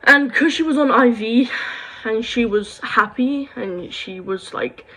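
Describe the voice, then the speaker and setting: A woman's voice: fairly high pitch, unhurried, a bit bright, low-quality recording. A young woman, rambling through a sad personal story to camera, full of quoted dialogue and sighs. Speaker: vlogger.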